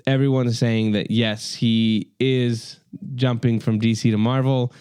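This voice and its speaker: Mellow-voiced male podcast host. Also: medium pitch, little pitch movement, measured pace, clean tone. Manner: loose, filler-heavy news rundown. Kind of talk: casual chat.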